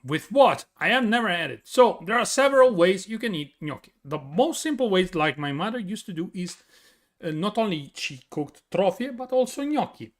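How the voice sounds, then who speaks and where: Italian male streamer, tired, chatty and rambling, slightly high voice. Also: big pitch swings, normal speed. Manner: chatty, explains with many fillers and restarts. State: tired from little sleep. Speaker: streamer answering chat. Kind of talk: casual chat reading viewer questions.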